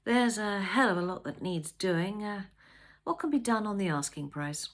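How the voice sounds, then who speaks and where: A woman doing a gruff, weary older man. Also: medium pitch, animated, moderate pace, lightly acted. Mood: brusque. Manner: brusque, impatient.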